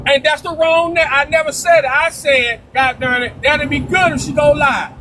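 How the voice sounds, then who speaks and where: A man with a very high-pitched voice argues on a live-stream panel, shouting and swearing, stumbling over repeated words. He keeps cutting across the others. The phone-app audio carries steady background noise. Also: moderate pace. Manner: loud, profane and repetitive, talking over others. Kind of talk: heated live-stream argument.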